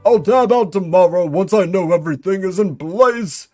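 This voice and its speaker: A high-pitched, conspiratorial male agent, as a man puts him on, rattling off secret findings with theatrical urgency. The voice sits well above a typical man's and stays tense and secretive, with faint music underneath. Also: normal speed, dark tone. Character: male employee number fifty-three, conspiracy-minded agent. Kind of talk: dramatic reading of a mystery log.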